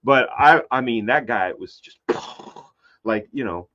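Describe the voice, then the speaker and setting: A man, a comic book artist, telling a rambling story in casual conversation, jumping into high voices to act out quotes. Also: slow. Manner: animated, acts out quoted voices with big pitch jumps; loose and rambling with many fillers and restarts. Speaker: guest. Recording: slightly dull lo-fi sound.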